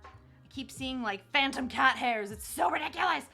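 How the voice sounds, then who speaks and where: Bubbly high-voiced young woman streamer. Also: animated, moderate pace, gravelly, sharp tone, soft background music. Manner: bubbly and gushing, laughs often. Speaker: live streamer. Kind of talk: casual live-stream chat with viewers.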